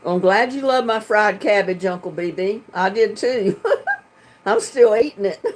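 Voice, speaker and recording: An unhurried woman with a mid-range voice reads her livestream chat from home. She's a North Carolinian with a Southern drawl, casual and quick to laugh, captured by a computer webcam mic.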